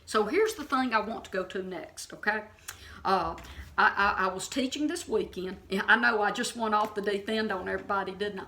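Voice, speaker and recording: A woman's voice: medium pitch, fairly quick, sharp tone. A woman giving an impassioned, informal Bible teaching. She is blunt and emphatic and keeps checking in with her listeners.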